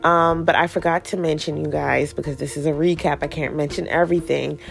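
A woman's voice: low-pitched, fairly even intonation, brisk, creaky, faint music behind. A woman hosting a podcast, recapping a TV show in casual, slangy chat, swearing freely and acting out characters' lines as she retells scenes.

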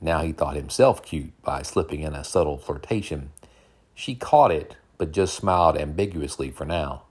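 Deep deep voiced guy reading a book chapter out, calm and steady, bit husky. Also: normal speed. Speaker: podcast host and reader. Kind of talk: audiobook narration.

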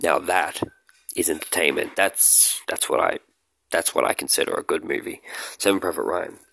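This movie vlogger speaks at a moderate pace in a rumbling, creaky low voice, captured dry. Talking loosely to camera about his favorite films, he jokes, wanders off topic, shouts now and then, and laughs.

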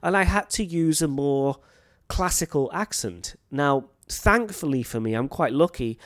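A man's voice: on the high side, animated, a little slow, no echo, studio quality. A man in his late thirties with a North Welsh accent, a teacher talking earnestly to fellow teachers and explaining his points. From North Wales.

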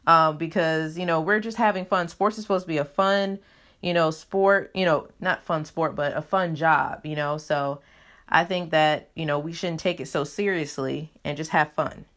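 A woman's voice: deep voice, steady tone, normal speed, fairly bright tone. Chatty woman hosting a podcast. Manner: chatty, heavy use of "you know" fillers. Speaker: podcast host. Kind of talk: casual solo podcast talk.

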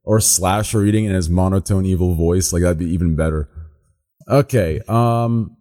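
A man's voice: deep voice, moderate pace, dark tone. A man co-hosting a podcast, reading listener reviews aloud in a laid-back, rambling way with repeated words and casual swearing.

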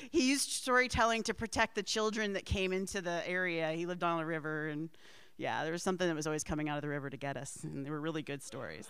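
Bright, crisp woman telling family stories. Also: low voice, fairly even intonation, fast. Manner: rambling, laughs often, asides. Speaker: storyteller. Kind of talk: personal storytelling.

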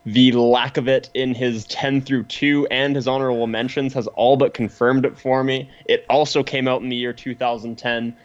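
A man co-hosting a podcast in casual chat, relaxed and agreeable, laughing easily. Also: mid-range voice, moderate pace, hardly any pauses, dry recording. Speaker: podcast co-host. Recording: slightly dull, lo-fi mic.

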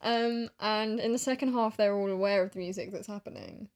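A woman's voice: medium pitch, fairly quick, a little mellow. Gushing, giggly woman. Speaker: podcast co-host. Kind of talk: casual chat.

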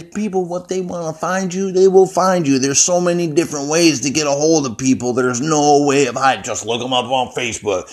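A man's voice: a little high, brisk, hardly any pauses. Angry, profane man ranting into his phone. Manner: angry, heavily profane, rambling. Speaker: vlogger. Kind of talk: unscripted profane rant. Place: indoors at home, seated.

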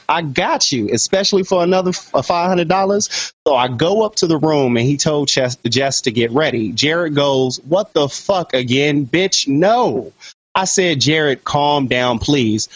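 A male co-host tells a story with real energy, cursing freely and jumping up into higher voices for the people he quotes. His voice sits at a medium pitch, and the sound is dry and slightly muffled, with no room echo. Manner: animated, profane, jumps into high voices for the people he quotes. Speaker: podcast co-host. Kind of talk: comic storytelling.

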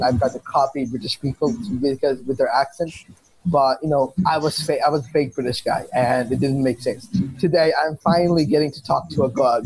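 A man's voice: on the high side, poor audio. A man hosting a podcast interview, chatting casually and joking with hesitant fillers. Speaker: podcast host.

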